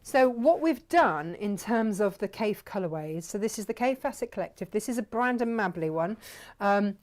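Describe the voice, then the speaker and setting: A woman's voice: mid-range voice, expressive, normal speed, darkish tone. A woman hosting a fabric workshop, talking in a chatty, enthusiastic, rambling way. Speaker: fabric shop host. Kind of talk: casual workshop chat.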